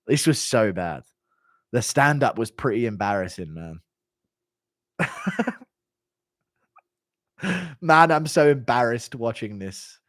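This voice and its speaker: A man's voice: mid-range voice, very animated, slow pace, long pauses, fairly bright tone, dry recording, studio quality. A man streaming casual commentary, blunt and mocking, swearing casually as he reacts to a clip.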